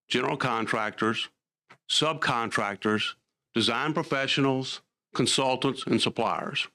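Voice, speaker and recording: A man's voice: medium pitch, sharp tone. A man, a lawyer giving formal testimony at a committee hearing and explaining emphatically.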